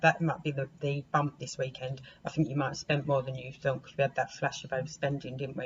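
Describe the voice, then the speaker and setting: Woman, casual tarot reading, rambling and chatty, dull lo-fi sound, faint hiss. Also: rumbling low. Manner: chatty, rambling, talks to the cards as she deals. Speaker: tarot reader.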